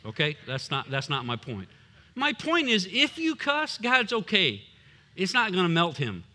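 A man's voice: very high voice, bright, forceful tone. A man preaching a sermon as a pastor, emphatic and punchy, with humorous asides.

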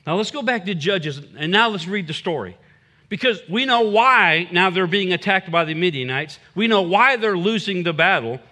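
High, animated preaching man. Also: normal speed. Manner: animated, acts out quoted voices. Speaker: pastor. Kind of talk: sermon.

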